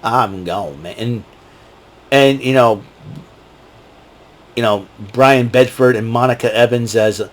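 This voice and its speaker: A man talks casually and at length, circling back on himself with lots of "you know" and "uh" as he goes through a ranked list of his favorite films. His voice sits at an ordinary middle pitch. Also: slow, long pauses. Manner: rambling, many fillers and restarts, breaks into quoted movie lines. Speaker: host ranking favorite films. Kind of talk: casual solo commentary.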